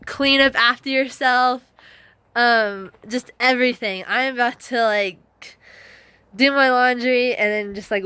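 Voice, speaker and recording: A woman hiker talks to camera in a slow, unhurried way, her voice sitting a little high. She is worn out and emotional, gushing and rambling as she goes, with frequent laughs. She is indoors in a half-built shelter. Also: a bit bright, clean tone. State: exhausted and emotional. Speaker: long-distance hiker. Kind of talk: casual vlog, talking to camera.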